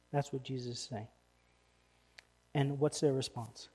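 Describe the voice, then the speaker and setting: A man's voice: medium pitch, fairly even intonation, unhurried, slightly rough. A man preaching a sermon in church as pastor, with emphatic, building stresses. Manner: emphatic, rising to loud stresses.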